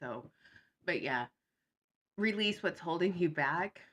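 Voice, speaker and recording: A woman talks straight to camera in a casual vlog, blunt and sarcastic. Her voice sits a little low yet sounds bright and forward. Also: expressive, slow pace. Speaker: vlogger. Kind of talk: casual chat.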